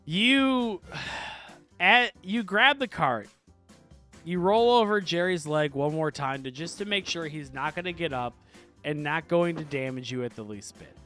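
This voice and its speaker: A man with a high, bright voice narrates a comedic tabletop game as its game master. His storytelling is deadpan and drawn out, with faint music playing underneath. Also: a little slow.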